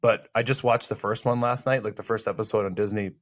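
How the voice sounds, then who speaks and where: A man's voice: on the low side, steady tone. Guy cohosting a podcast, jokes around, rambles, keeps cutting in. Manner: joking, rambling, quick to interrupt. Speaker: podcast co-host. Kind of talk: casual chat.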